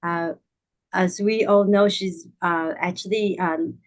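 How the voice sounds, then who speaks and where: A woman's voice: on the low side, fairly even intonation, slow. A woman hosting a livestream, thanking a speaker and introducing the next one politely, with many fillers. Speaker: event host. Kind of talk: livestream moderation. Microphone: video call mic.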